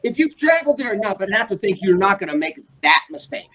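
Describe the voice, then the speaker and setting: A man hosting a political panel discussion, pressing guests with pointed, rapid-fire questions. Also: high voice, sing-song, fairly bright tone, rough recording. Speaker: host.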